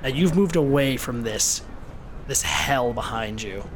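A man's voice: mid-range voice, lively intonation, a little slow, a little hiss or hum. A man narrating a tabletop game as game master, describing scenes loosely with many restarts.

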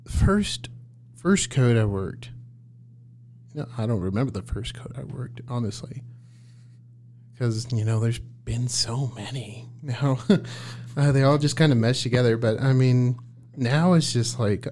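A man's voice: medium pitch, unhurried, mellow. Man, paramedic guest, casual storytelling, laughs a lot, faint hum behind. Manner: laughs often, acts out his own past lines in a raised voice.

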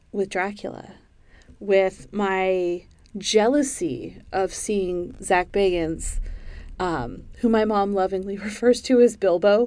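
A woman podcast host who chats casually and self-deprecatingly, then settles into a calm, hushed sleep-story reading. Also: mid-range voice, no room sound.

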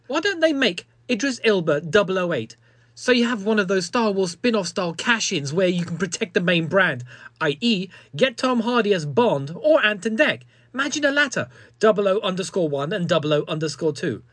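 Husky, sarcastic man hosting. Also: sits high, big pitch swings, moderate pace, fairly bright tone, no echo. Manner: sarcastic, self-mocking, crude. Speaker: comedy podcast host. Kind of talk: sardonic comedy monologue.

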